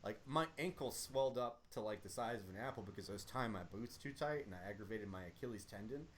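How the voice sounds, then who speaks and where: A man's voice: fairly low pitch, fast talker, slight background noise. A young man and army veteran, casually telling profane, rambling stories about his service. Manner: profane, rambling war storytelling. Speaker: army veteran podcast guest. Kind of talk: casual chat.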